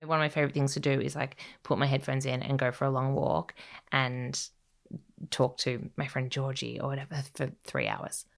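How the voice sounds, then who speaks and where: A woman's voice: rumbling low, animated, normal speed, vocal fry. An Australian woman, a writer, talking in a reflective, conversational way, full of fillers and restarts and frequent small laughs. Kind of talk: reflective casual interview talk. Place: living in Scotland.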